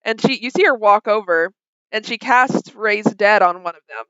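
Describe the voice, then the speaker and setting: A young woman narrating a tabletop game as game master, relaxed and hesitant, with many ums. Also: mid-range voice, moderate pace, clear, resonant tone. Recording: dull lo-fi sound, dry.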